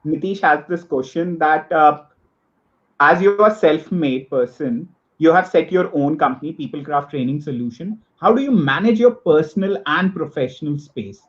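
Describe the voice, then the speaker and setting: Polite guy hosting a live stream, kinda high voice, dull sound. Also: moderate pace. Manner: polite, formal, enthusiastic. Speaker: host. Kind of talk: live online interview hosting.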